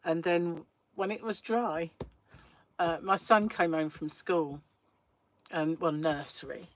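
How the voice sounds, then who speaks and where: Chatty woman, low voice. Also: steady tone, slow pace. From England. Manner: chatty storyteller who laughs often. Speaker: crochet livestream host. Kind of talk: casual live-stream chat.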